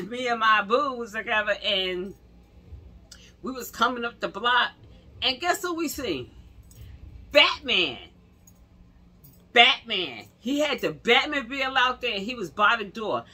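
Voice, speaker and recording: Bright-voiced New woman telling stories. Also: fairly high pitch, measured pace. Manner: animated, slangy, laughs and acts out quotes. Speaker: vlogger. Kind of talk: casual storytelling to camera.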